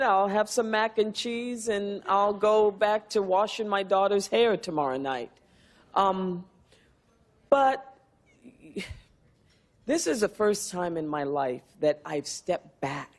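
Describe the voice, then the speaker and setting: An award-winning actress in her fifties answers questions backstage in a press room, reflective and heartfelt. Her mid-range voice is expressive and unhurried.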